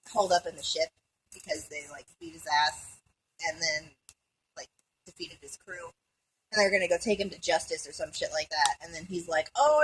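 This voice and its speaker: A woman with a bright, slightly husky voice gives a rambling, casual recap of a film. She swears freely, giggles, and keeps wandering off into asides. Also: fairly low pitch, poor audio. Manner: rambling, profane, giggly, jumps between asides.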